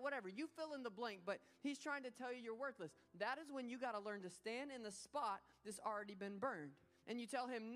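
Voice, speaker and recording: A woman's voice: on the high side, brisk, hardly any pauses, fairly bright tone. Casual-talking woman preaching a sermon. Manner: casual, storytelling, acts out quoted voices. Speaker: pastor.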